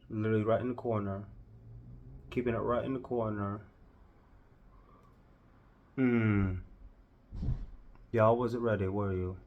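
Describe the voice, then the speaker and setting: A man with a Southern US accent narrating a makeup tutorial, gushing with drawn-out exclamations. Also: on the low side, darkish tone, a little hiss or hum. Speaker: makeup vlogger.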